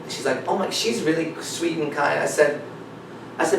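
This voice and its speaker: Man, fairly high voice, emphatic storyteller, very echoey room, away from the mic. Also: moderate pace, gravelly, long pauses, far from the mic, noisy background. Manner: acts out dialogue, emphatic, repeats "I said". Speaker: dating coach speaker. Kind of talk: animated storytelling talk.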